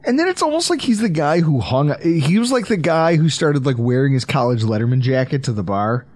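A man hosting a casual sports podcast, joking and talking in quick asides. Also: fairly high pitch, big pitch swings, a little mellow, dry recording. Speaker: podcast host.

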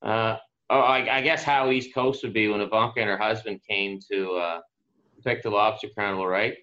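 A man's voice: on the low side, normal speed. A man from Atlantic Canada, a guest on a podcast, telling a casual story and acting out the people in it. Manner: energetic, acts out quoted voices. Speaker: sports broadcaster, podcast guest. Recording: slightly dull lo-fi audio.

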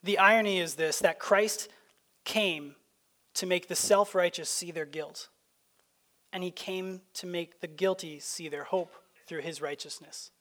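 A man from Canada delivers a sermon in a relaxed, storytelling way. His voice sits high for a man, and he often stumbles and restarts mid-thought as he speaks to his church. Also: a little slow. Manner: conversational, anecdotal preaching with frequent restarts. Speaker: pastor. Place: church sanctuary.

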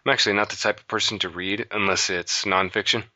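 A man's voice: fairly low pitch, steady tone, fast, bright, forceful tone, no echo, highs cut off. A man co-hosting a podcast in a casual, playful chat, joking often. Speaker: podcast co-host.

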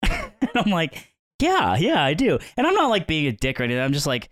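A man's voice: fast talker, no echo, clean studio sound. A man co-hosting a podcast, telling stories in casual chat and acting out the people he quotes. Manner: animated, acts out quoted people with sudden pitch jumps. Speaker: podcast co-host.

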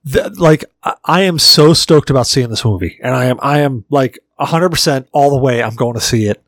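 Male podcast co-host, mid-pitched, animated storyteller, dry close mic. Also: brisk, no echo. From Virginia, United States. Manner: animated storyteller, laughs, swears often. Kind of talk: casual chat.

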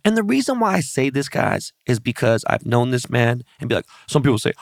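Brash, gravelly man hosting a podcast. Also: mid-range voice, sing-song, brisk, hardly any pauses, no room sound, clean studio sound. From born and raised locally. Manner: brash, profane, storytelling with quoted voices. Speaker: podcast host. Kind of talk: casual podcast chat.

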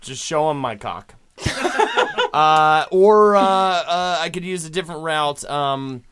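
A man on a comedy podcast, talking haltingly with many fillers. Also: on the high side, a bit bright, clean tone. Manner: halting, full of uh and um. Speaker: podcast panelist. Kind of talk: casual comedy chat.

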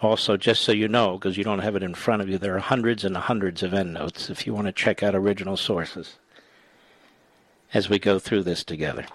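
A man's voice: deep voice, brisk, no room sound. Older guy doing talk radio, sarcastic and worked up, dry close mic. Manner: combative, sarcastic, animated. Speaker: radio talk show host. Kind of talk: political talk radio monologue.

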